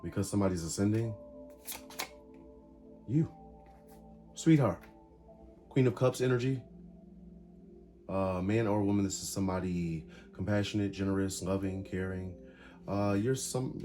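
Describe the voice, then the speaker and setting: Brief: male tarot reader, casual and emphatic, short card-by-card bursts, soft music underneath. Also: low voice, normal speed, pauses often. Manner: talks through cards in short bursts, animated and emphatic.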